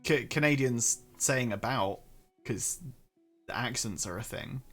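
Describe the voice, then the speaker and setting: A young Englishman with an English accent chats casually on his stream, self-deprecating and quick to trip over his own words. His voice sits at a middling pitch. Faint music plays behind him. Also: a bit bright. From England. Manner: chatty, self-deprecating, stumbles and restarts often. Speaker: streamer host. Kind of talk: casual chat on a live stream.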